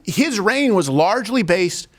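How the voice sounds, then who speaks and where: A man's voice: sits high, sing-song, a little slow. A man hosting a comedic talk show, joking and rambling. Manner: joking, rambling, laughs at his own stories. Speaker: host.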